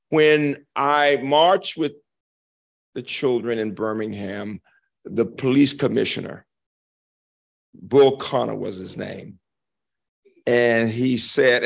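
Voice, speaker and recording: An older man giving a keynote talk, answering an audience question with animated, emphatic storytelling and slow, dramatic pauses. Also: mid-range voice, gravelly. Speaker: keynote speaker. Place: lecture hall.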